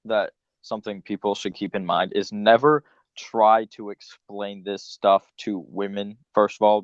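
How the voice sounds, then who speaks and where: A man's voice: fairly low pitch, no room sound, lo-fi sound. A man giving blunt opinions in a casual chat, with lots of filler words. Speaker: podcast co-host.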